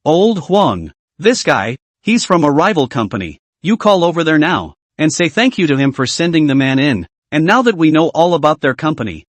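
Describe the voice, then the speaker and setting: Lively man narrating a story recap. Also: fairly high pitch, moderate pace, hardly any pauses, no echo. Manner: reads all dialogue in the same narrating voice.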